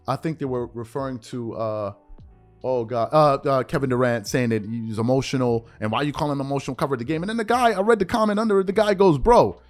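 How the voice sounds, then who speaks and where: A man hosting a sports show, delivering an exasperated opinion monologue full of rhetorical questions. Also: on the high side.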